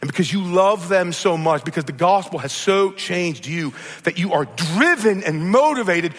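A man's voice: high voice, expressive, normal speed. A middle-aged man with a Midwestern accent, preaching a sermon and telling a story in an earnest way. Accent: Midwestern American. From American Midwest. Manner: storytelling, earnest, repeats words when starting. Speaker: pastor. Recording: long reverb of a large hall.

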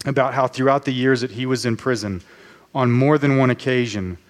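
A man preaching a sermon as pastor, earnest and measured, slowing down on key phrases. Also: medium pitch.

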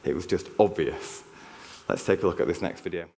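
A man's voice: sits low, a little fast, gravelly, warm tone. A man preaching a sermon in church, earnest in tone and using frequent fillers. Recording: long church reverb.

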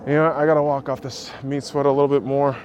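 A man's voice: medium pitch, flat delivery, quick pace, darkish tone, a little hiss or hum. A man hosting a solo podcast, ranting in a profane and sarcastic way. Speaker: podcast host.

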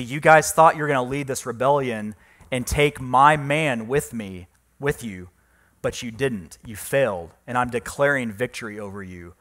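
A man pastor preaching a sermon, reading scripture and explaining it, getting louder and slowing down on the key words. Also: mid-range voice. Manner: emphatic preaching, rising loud on key phrases, slowing for stress.

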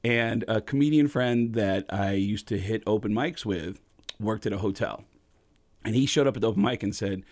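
A man's voice: lowish voice, moderate pace. A middle-aged man, a stand-up comedian, telling a story in a casual chat and acting out voices and impressions. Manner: animated storyteller who acts out voices and impressions.

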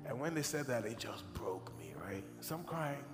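A man from Nigeria preaching, telling a personal testimony as an emotional, animated storyteller in a large church hall. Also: mid-range voice, moderate pace. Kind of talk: sermon storytelling. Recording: echoey hall with music.

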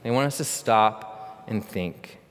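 A man's voice: fairly low pitch, slow. A middle-aged man preaching a sermon, telling a funny childhood story with animation and then teaching earnestly. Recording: long reverb of a large hall.

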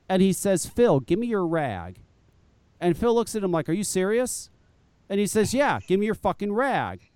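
A man hosting a podcast, telling a story in casual chat, animated and profane, laughing often. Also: high voice, smooth, no echo. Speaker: podcast host.

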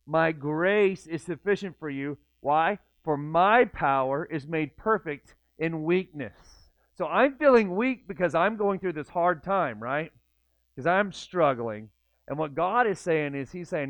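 A man's voice: on the high side, measured pace, dry recording. A man preaching a sermon in a conversational way, acting out the inner voices of his listeners. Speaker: pastor. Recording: tinny phone-like dry sound.

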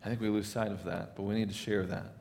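Male pastor, low voice, earnest Christmas sermon, faint rumble behind. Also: flat delivery, quick pace, creaky. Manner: earnest, builds up then drops to soft emphasis.

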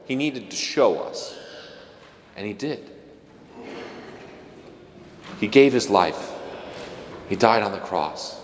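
Man, priest, casual homily, low voice, long church reverb, faint hiss. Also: expressive, measured pace. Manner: conversational, joking asides with playful mimicry.

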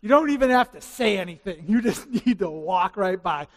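Animated high-voiced pastor preaching. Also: male voice, normal speed, long reverb tail. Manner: animated storytelling, asks the audience questions. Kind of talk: sermon.

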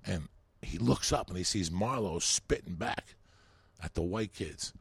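A man's voice: deep voice, measured pace, gravelly, slightly rough, dry recording. A man telling rambling, profane stories as a comedian guest on a podcast. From New York. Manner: animated, swearing, rambling.

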